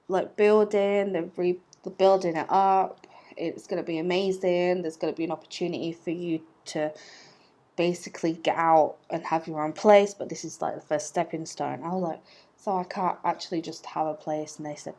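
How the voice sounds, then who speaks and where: A woman's voice: lowish voice, fairly even intonation, normal speed, dark tone. A young woman telling a personal story to camera in a chatty, rambling way, laughing at herself. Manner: chatty and rambling, with fillers and self-mocking laughs. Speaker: vlogger.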